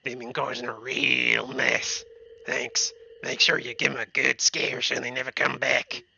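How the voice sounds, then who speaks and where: Grumpy old man villager from a farming game, read by a man, gravelly edge. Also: mid-range voice, flat delivery, a little slow, pushed and bright, lo-fi sound, slight background noise, exaggerated voice. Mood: weary. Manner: reading game dialogue aloud.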